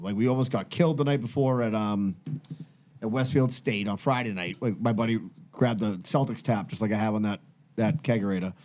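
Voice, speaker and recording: Profane rambling storyteller. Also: male voice, mid-range voice, a little mellow. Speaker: podcast host. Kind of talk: casual storytelling chat.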